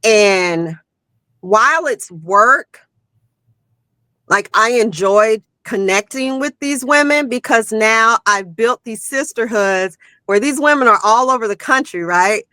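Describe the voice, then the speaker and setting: A woman's voice: on the high side, slow, sharp tone, no room sound. A woman guest talking casually about her work, rambling with lots of "you know" and "like". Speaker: guest, magazine owner. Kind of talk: casual chat.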